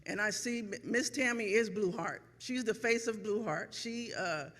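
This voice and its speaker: A middle-aged woman giving an emotional, grateful speech as a parent at a ceremony, with many pauses and ums. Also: medium pitch, a bit bright, long reverb tail. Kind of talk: heartfelt speech. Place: event hall.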